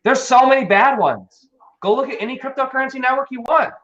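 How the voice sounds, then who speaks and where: A man talking casually on a live stream, animated, emphatic and full of swearing. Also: extremely high pitch, a little fast. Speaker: crypto stream host. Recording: dull lo-fi stream audio.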